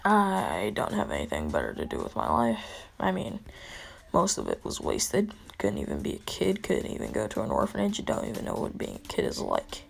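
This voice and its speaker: A woman's voice: a bass voice, huge pitch swings, normal speed, gravelly, pitched below the performer's own voice, exaggerated voice. A woman doing a cold, scarred half-robot boy. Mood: flat, cocky.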